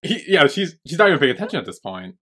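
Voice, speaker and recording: A man's voice: fairly high pitch, big pitch swings, fast, bright, forceful tone, slightly rough. A man co-hosting a podcast, retelling a TV episode in a casual chat with lots of "like" fillers and restarts. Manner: rambling, filler-heavy retelling. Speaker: podcast co-host.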